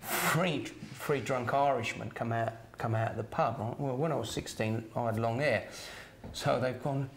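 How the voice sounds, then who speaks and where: A middle-aged former doorman from Kent, England, casually tells anecdotes, tagging on "right?" and chuckling. His voice is mid-range at a moderate pace, with a little hiss or hum in the recording.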